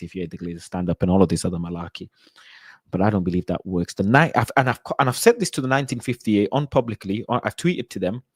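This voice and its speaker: A man's voice: fairly low pitch, dry recording, studio quality. A man hosting a call-in show, chatting casually, reading out viewer comments and arguing his points emphatically with lots of repetition. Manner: emphatic, repeats points for stress.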